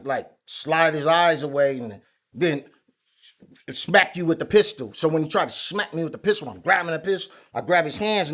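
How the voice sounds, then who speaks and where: A man as an interview guest, telling a story in casual chat, animated and full of street slang. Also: high-pitched. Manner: animated, acts out quoted lines loudly, heavy street slang.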